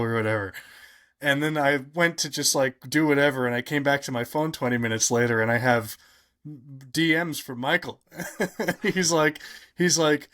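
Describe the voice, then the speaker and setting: A man with a mid-range voice, neither high nor low, tells a long anecdote as a podcast guest. He rambles through it with plenty of fillers and restarts. His delivery lifts and gets animated whenever he acts out what someone else said. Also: normal speed. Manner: rambling, many fillers, animated when quoting others. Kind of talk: casual storytelling chat.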